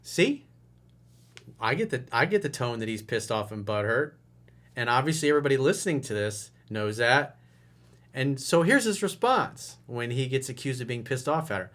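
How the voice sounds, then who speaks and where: A man's voice: mid-range voice, animated, moderate pace, a bit bright. A man working as a dating coach, reading out and commenting on a viewer's email in a blunt, profane and mocking way. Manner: laughs while reading.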